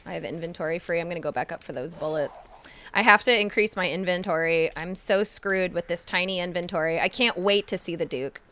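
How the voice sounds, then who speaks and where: A woman streaming a horror game, chatting casually and excitedly while she plays and talking to herself about her moves. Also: fairly low pitch, fairly quick, a little hiss or hum. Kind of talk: casual live-stream chat.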